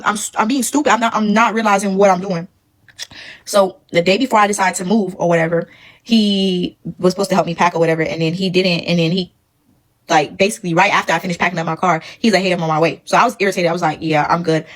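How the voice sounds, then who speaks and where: A woman's voice: on the low side, a bit bright, low-quality recording. A woman, emphatic and preachy, telling a casual storytime about her past relationship.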